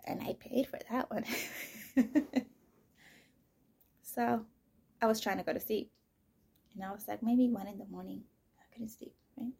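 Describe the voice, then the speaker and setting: Personal podcaster, female, mellow and breathy, hushed and blunt, swears freely. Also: a little high, steady tone, a little slow, pauses often. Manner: soft-spoken, often near a whisper, blunt and profane. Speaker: podcaster telling her own story. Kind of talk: candid personal monologue.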